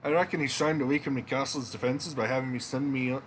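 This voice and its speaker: A man's voice: medium pitch, steady tone, quick pace, slight background noise, lightly acted. A man voicing a blustering old king and worried father in a put-on Scottish accent, with a theatrical, old-fashioned manner. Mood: commanding.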